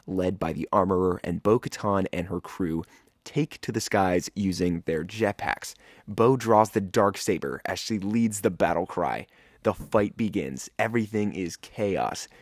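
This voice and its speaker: A man with a fairly low voice hosts a podcast and recaps an episode in a loose, excitable way. He peppers his talk with slang like "dude". The sound is dry and close, with no room echo. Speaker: podcast host.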